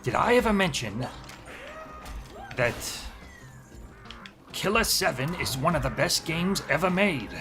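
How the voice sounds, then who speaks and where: A man putting on an impression of an elderly, boastful comic-book showman, speaking slowly and grandly. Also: a little high, big pitch swings, over music, pitched above the performer's own voice. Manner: slow, drawn-out, grandiose delivery.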